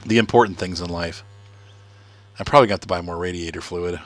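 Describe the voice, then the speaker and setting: A middle-aged man with a fairly low voice chats through a video game session with his son. He talks in a loose, relaxed way, thinking out loud and chuckling as he works. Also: fairly quick. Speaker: let's play host, father. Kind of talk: casual gameplay commentary.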